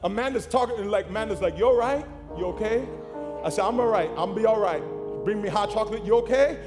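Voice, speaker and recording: High-voiced man preaching in an echoey hall. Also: quick pace, over music. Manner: animated preaching, calls to the congregation. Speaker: pastor. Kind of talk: sermon.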